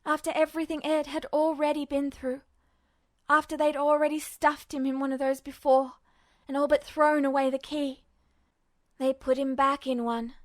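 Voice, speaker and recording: High-voiced woman reading fanfiction. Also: no echo. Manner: tense, emotional storytelling. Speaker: podfic reader. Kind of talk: scripted narration of fanfiction.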